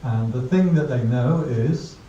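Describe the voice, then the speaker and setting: Dark-voiced monk giving a joking talk. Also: male voice, medium pitch, measured pace, a little hiss or hum. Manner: humorous, anecdotal, laughs at own jokes. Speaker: Buddhist monk teaching mindfulness. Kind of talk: casual dharma talk to a class. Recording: dull distant roomy recording.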